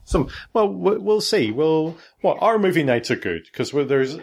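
A man's voice: on the high side, sing-song, moderate pace, vocal fry, darkish tone, breathy edge. Middle-aged man, podcast host, loose and playful, often stops to correct himself. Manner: rambling, self-correcting, playful. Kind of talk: casual family podcast chat.

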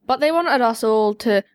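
A woman reading out the lines of a dying young man in a broad put-on Belfast accent, laughing as she goes. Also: a little high. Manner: reading aloud, breaking into laughter.

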